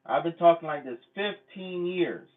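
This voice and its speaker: A man's voice: a little high, animated, normal speed. Blunt, profane man on a tinny line. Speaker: channel host. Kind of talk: casual vlog rant. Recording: phone-like lo-fi sound.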